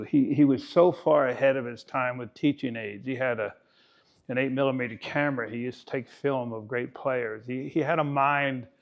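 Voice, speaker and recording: A man's voice: medium pitch, vocal fry, highs cut off. A man in his eighties giving a keynote talk as a golf coach, telling stories with folksy, self-mocking humor. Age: 80s.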